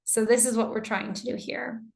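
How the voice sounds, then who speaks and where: A woman's voice: a little high, little pitch movement, moderate pace, gravelly. Woman teaching an online English class. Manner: reads student answers aloud and comments warmly on them.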